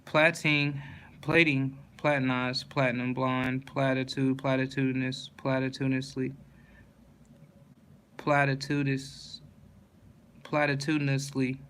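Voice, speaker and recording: A man recites dictionary entries one after another in an utterly flat, unhurried drone. His pitch sits in the middle and barely moves. A faint noise hums under the recording. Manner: monotone word-list reading with slips and restarts. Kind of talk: reading dictionary entries aloud.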